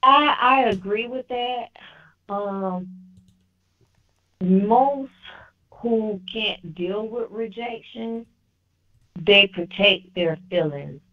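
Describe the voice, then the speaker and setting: A woman's voice: mid-range voice, drawn-out words, pauses often. A woman caller giving firm opinions, often restarting her sentences. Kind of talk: casual call-in phone talk. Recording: dull lo-fi phone line.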